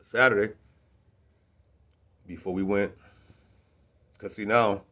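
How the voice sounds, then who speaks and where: Man, young adult, rapper, low voice, casual storytelling, slangy, keeps checking in with the listener. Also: steady tone, slow, pushed and bright. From South Bend, Indiana. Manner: slangy, repeats "you know what I'm saying", street vernacular.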